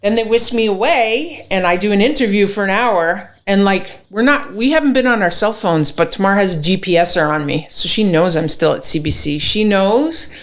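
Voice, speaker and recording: Woman chef spinning a lively tale. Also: medium pitch, moderate pace, hardly any pauses. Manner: swears freely, acts out quoted dialogue. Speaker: chef, podcast guest. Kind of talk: animated storytelling in casual chat.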